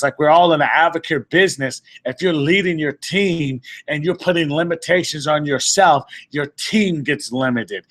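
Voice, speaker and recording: A man's voice: on the high side, fairly bright tone. A man leading a group session as a motivational speaker, emphatic and repetitive, restating his points and sometimes stumbling over words. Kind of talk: motivational talk to a live audience.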